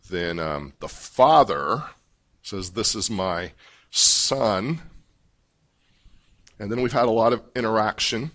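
A man preaching a sermon, teaching through a Bible passage in a measured, emphatic way. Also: low voice, a bit bright. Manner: measured, emphatic teaching delivery with pauses and restarts. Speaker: pastor. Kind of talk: expository sermon.

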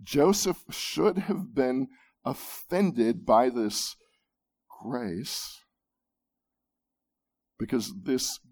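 A man preaching a sermon, emphatic, with dramatic pauses, at times dropping to a near-whisper. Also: medium pitch, sing-song, a little mellow. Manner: repeats words when restarting. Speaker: pastor.

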